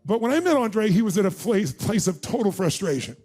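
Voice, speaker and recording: High-pitched man telling a stage story. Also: very animated, fairly quick, darkish tone, slightly rough, faint music behind. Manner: storytelling, quizzing the crowd. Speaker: motivational speaker. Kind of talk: stage talk to a live audience. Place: large event room.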